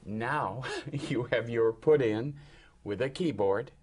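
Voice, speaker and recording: A man's voice: medium pitch, slow pace, a little mellow. An older man, a guest actor in a studio interview, telling wry, self-deprecating stories about stepping into shows.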